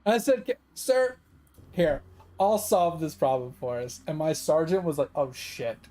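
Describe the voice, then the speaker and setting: A man's voice: fairly high pitch, unhurried, poor audio. A man telling a long story casually while streaming a game, swearing freely and acting out the people he quotes. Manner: profane, animated storyteller who acts out quoted voices.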